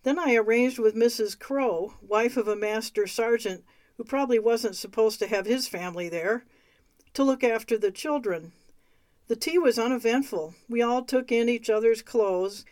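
A woman reading a memoir aloud, unhurried and clear. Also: fairly high pitch, a little mellow, no echo. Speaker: reader of memoirs.

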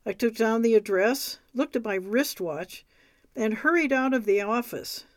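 A woman reading a memoir aloud in a measured, wry way. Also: fairly high pitch, expressive, no echo, clean studio sound. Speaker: reader.

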